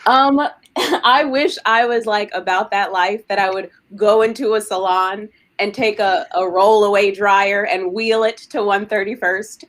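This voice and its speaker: A woman's voice: medium pitch, steady tone, measured pace, fairly bright tone. A woman chatting as a guest on a casual livestream, upbeat and laughing easily.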